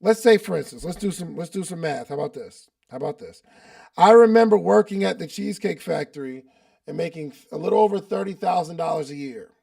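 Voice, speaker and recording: A man's voice: fairly high pitch, lively intonation, brisk, vocal fry, warm tone. A man hosting a live coaching session, talking loosely and casually with slang and repeated phrases for emphasis. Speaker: podcast host and business coach. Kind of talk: casual coaching talk at a live online meeting.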